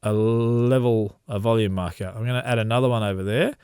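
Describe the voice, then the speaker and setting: A man walking through a software tutorial as a radio trainer, explaining step by step in a relaxed way with frequent ums. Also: mid-range voice, brisk, smooth, no echo.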